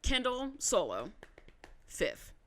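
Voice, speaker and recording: A woman's voice: fairly high pitch, slow pace. A woman co-hosting a podcast, recapping a reality show in a casual, profane, sarcastic rant. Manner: profane, sarcastic, animated ranting. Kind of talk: casual chat.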